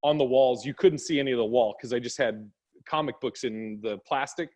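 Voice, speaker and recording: A man's voice: mid-range voice, a little fast, a little mellow. A man, a stand-up comedian guest, telling childhood stories in casual chat over a video call, laughing often and acting out voices.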